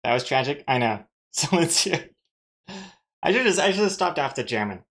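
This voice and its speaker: A woman's voice: low voice, very animated, normal speed. A woman from Austria chatting casually on a live stream, playful and self-mocking, often laughing at herself.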